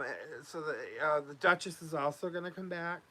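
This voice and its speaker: A man's voice: fairly high pitch, fairly even intonation, brisk, few pauses, bright, forceful tone. A man hosting a casual home vlog, talking loosely with many fillers and restarts. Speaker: YouTube host.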